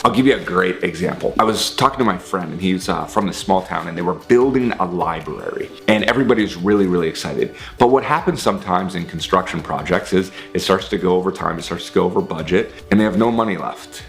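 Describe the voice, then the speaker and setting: Low gravelly guy doing a motivational vlog talk, explaining stuff with examples. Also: lively intonation, a bit bright, faint music behind. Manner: explaining with examples, pace speeding and slowing. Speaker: vlog host.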